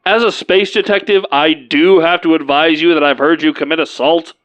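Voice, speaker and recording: A man's voice: on the high side, normal speed, natural voice. A man playing an easygoing space detective. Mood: calm. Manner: calm, reasonable, lightly sarcastic. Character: male space detective, easygoing, rule-minded. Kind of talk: hobby audio drama.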